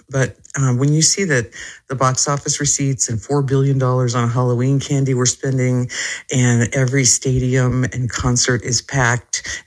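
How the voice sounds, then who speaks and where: Wry woman caller making a point. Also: a bass voice. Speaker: radio caller. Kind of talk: call-in opinion.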